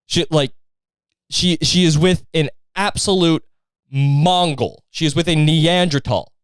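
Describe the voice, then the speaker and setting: A young Canadian man hosting a podcast, ranting casually with lots of profanity and an animated, rambling delivery, recorded outdoors on a street. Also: a little high, unhurried, clean tone, no room sound. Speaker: podcast host. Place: outdoors in a street after a match.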